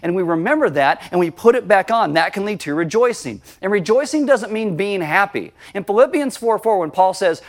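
A man preaching a sermon as pastor, animated and conversational, reading scripture and acting out quotes. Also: sits high, a little fast, few pauses.

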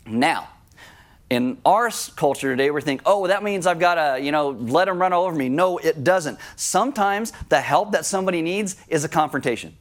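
A man's voice: on the high side, normal speed. A man preaching a sermon to his congregation, talking directly to them and acting out scenes with sudden raised voices. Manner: animated, acts out scenes with shouted voices; conversational, addresses congregation directly. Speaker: pastor.

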